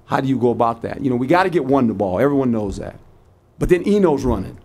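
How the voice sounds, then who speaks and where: A man's voice: mid-range voice, animated, fast talker, a little mellow, slightly rough. An older man in his sixties, a head football coach answering press conference questions in a folksy, repetitive way, acting out his sideline exchanges.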